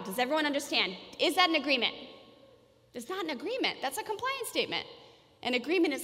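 Parenting coach, woman, high-pitched, chatty and informal, speaking in an echoing hall. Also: very animated, fast, pushed and bright. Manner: casual, chatty, many "like" and "you guys". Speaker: parenting educator. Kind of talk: workshop talk to parents. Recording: reverberant hall.

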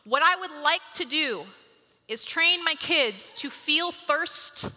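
Bright woman in a reverberant hall. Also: sits high, animated, slow pace. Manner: chatty, acts out family dialogue. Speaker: speaker giving a devotional talk. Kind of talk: conversational devotional talk.

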